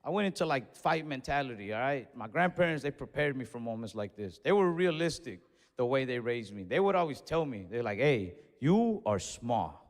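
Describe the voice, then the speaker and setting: Animated young comedian, reverberant stage. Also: male voice, medium pitch, brisk. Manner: animated, acts out other voices, profane and loose. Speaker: stand-up comedian. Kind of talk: stand-up storytelling. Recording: long hall reverb on stage.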